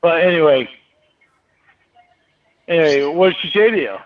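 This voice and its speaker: A man's voice: fairly high pitch, expressive, normal speed. A very drunk man on a phone call who rambles, slurs and swears. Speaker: phone caller. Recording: tinny phone call, far from mic.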